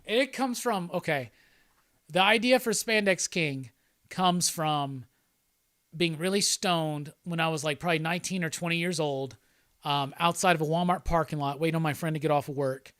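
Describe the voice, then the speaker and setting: A man's voice: fairly high pitch, normal speed, a bit bright, dry recording, clean studio sound. Rambling, profane male streamer. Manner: rambling and profane, with frequent laughs. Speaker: host. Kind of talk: casual livestream chat.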